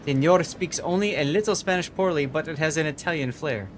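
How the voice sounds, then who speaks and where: A man's voice: a little high, a little fast, a little hiss or hum. Chatty male game streamer. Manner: chatty, laughs often, repeats words. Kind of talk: casual live-stream chat with viewers.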